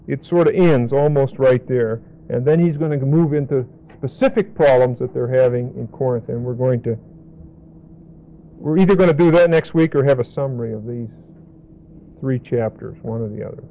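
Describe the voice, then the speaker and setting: A man's voice: mid-range voice, moderate pace, highs cut off. A man teaching a Bible lesson as a pastor, speaking in a blunt, emphatic way. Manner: emphatic, direct, blunt warnings.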